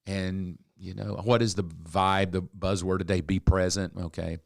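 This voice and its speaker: A man's voice: sits low, unhurried, vocal fry, dry recording, clean studio sound. A man, co-hosting a podcast and telling a story, acting out the lines of the people in it. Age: 60s. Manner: animated storyteller, acts out quotes. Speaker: podcast co-host. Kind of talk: casual storytelling chat.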